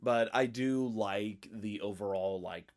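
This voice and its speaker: Young male podcast co-host, low pitch, rambling casual recap. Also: slow pace. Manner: relaxed, rambling recap with frequent "like" and laughs. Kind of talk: casual chat.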